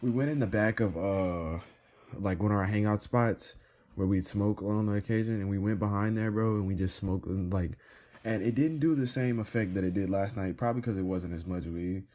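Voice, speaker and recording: A man's voice: lowish voice, normal speed, warm tone. A young man casually telling a rambling storytime to his viewers, full of slang and filler words. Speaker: vlogger.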